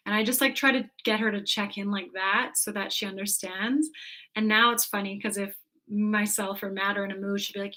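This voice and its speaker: Woman guest rambling through stories, bright clear voice, lots of "like". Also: medium pitch, brisk. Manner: animated storytelling, full of "like" fillers. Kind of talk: casual conversation.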